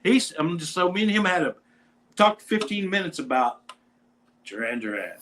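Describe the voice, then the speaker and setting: A man's voice: high-pitched, normal speed, slight background noise, poor audio. Man telling a rambling rock story. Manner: animated, rambling anecdote with quoted voices. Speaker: podcast host; bass player in a metal band. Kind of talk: casual storytelling chat.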